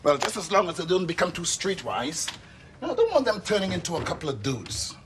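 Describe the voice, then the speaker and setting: A man's voice: high voice, big pitch swings, a little fast, noisy background. An actor playing a wry, cautious father in a 1980s TV soap, with a hesitant manner. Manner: wry, hesitant, soft laughs.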